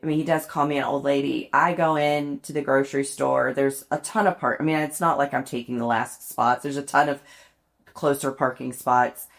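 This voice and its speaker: Her voice is rumbling low and creaky, with fairly even intonation, and she speaks at normal speed. As a podcast co-host she tells chatty, self-mocking stories and laughs often.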